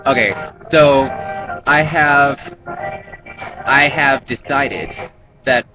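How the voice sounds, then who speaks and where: A man's voice: medium pitch, very slow, poor audio. A young man chatting casually to a vlog camera in a rambling, self-conscious way. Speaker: YouTuber. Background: music playing in the background.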